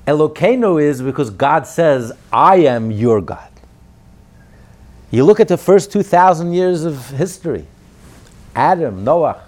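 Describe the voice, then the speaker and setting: A man giving a Torah lecture as a rabbi, emphatic, moving between loud declarations and quiet asides, with Hebrew terms throughout. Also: on the high side, animated, normal speed.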